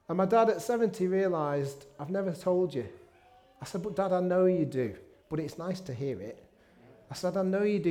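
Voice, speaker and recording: High-voiced preacher, chatty. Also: male voice, warm tone. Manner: conversational, with self-deprecating asides. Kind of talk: sermon. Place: church meeting room.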